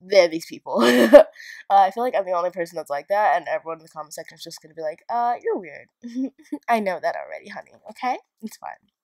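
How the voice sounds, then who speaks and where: A woman's voice: on the low side, animated, fast talker, a little mellow, no room sound. A young woman giving a casual narrated tour of a game build, rambling and chatty, often joking at her own expense. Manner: rambling, chatty and self-mocking. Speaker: video game builder and YouTuber.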